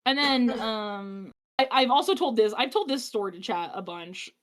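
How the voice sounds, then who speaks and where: Animated high-voiced woman telling a story. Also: normal speed. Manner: animated, laughs often, many fillers and restarts. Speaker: streamer guest telling a story. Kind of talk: casual storytelling chat. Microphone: streaming mic.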